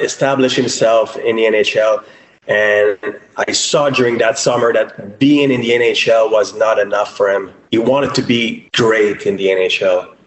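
A man who trains athletes, speaking earnestly in an interview and often restarting his phrases. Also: mid-range voice. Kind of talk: interview recollection. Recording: echoey room.

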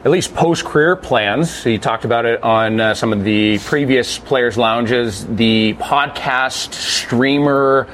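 A man's voice: mid-range voice, takes it slowly, hardly any pauses, fairly bright tone, slight background noise. A young man hosting a casual sports podcast, chatty and upbeat as he asks the players questions. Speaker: podcast host.

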